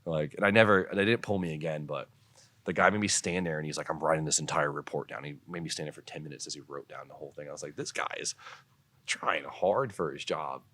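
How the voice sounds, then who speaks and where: A young man, a podcast guest, telling stories in casual chat, animated and laughing often, swearing freely. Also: rumbling low, quick pace. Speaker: podcast guest, car builder and drifter.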